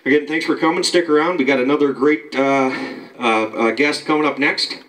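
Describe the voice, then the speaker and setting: A man's voice: medium pitch, normal speed, fairly bright tone. Rambling man doing basement stand-up. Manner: rambling, laughing at his own jokes. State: out of breath near the end. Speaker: amateur comedian. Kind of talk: improvised stand-up routine. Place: home basement. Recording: distant mic, noisy basement.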